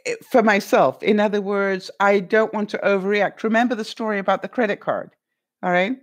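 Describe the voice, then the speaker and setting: A middle-aged woman hosting a casual livestream, talking to her viewers and reading their comments, animated and full of fillers and rhetorical questions. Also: mid-range voice, a little fast.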